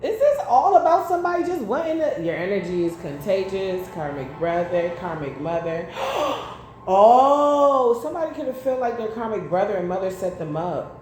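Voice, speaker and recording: A woman's voice: medium pitch, sing-song, normal speed, a little mellow. A woman giving a casual tarot reading, blunt and profane, drifting into chatty personal stories. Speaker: tarot reader. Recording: very echoey room, faint background noise.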